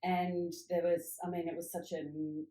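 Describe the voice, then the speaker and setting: A woman's voice: fairly low pitch, flat delivery, normal speed, warm tone. A middle-aged woman, a cosmetics founder, telling upbeat stories from her career in a casual interview. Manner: reflective storytelling, upbeat. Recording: echoey room.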